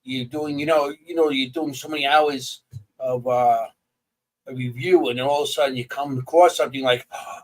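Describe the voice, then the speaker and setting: A man chatting casually as a paranormal investigator, telling stories in an animated way and restarting sentences as he gets excited. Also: medium pitch, normal speed, recorded from a distance, poor audio. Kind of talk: casual chat.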